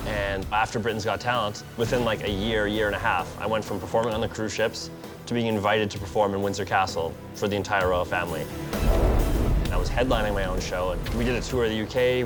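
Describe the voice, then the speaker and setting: A magician talks quickly and eagerly to the camera about his career, his voice on the low side. The delivery is earnest and a little breathless. A loud music bed plays under him. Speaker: magician contestant. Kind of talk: interview to camera. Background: backing music.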